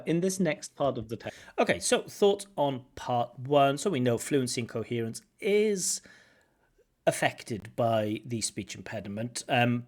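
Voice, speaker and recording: A man working as a language examiner, giving lively spoken feedback on a candidate's test, recorded over a video call. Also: medium pitch. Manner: animated, acts out intonation with singsong syllables.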